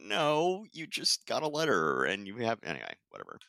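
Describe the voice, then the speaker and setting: Man, podcast co-host, wry laughing asides, sharp bright tone, dry room. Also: lowish voice, normal speed, creaky, no room sound. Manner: wry, laughing asides, animated ironic jabs. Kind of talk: casual comic-book discussion.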